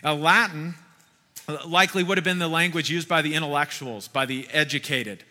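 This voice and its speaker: A man's voice: fairly high pitch, moderate pace, sharp tone, in a large hall. A man in his forties preaching a sermon in a folksy, conversational way, asking his listeners questions as he goes. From Kentucky. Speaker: pastor.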